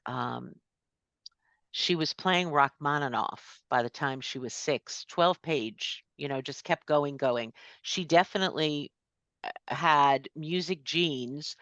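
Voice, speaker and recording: A woman's voice: low-pitched, slow, fairly bright tone, dry recording, lo-fi sound. A woman in her fifties giving a casual, chatty talk at a summit over a video call, with many fillers and asides. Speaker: speaker at a summit.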